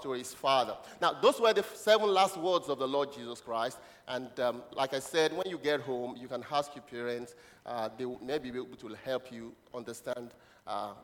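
Preacher with laughs in a reverberant church. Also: male voice, medium pitch. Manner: lively, questioning the congregation, laughing often. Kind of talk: children's sermon with call-and-response. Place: church hall. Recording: long hall reverb.

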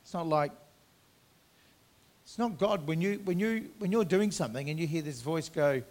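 A man preaching a sermon as pastor, earnest, swinging from loud emphatic lines to quiet conversational asides, drawing out key words. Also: fairly high pitch, expressive, normal speed.

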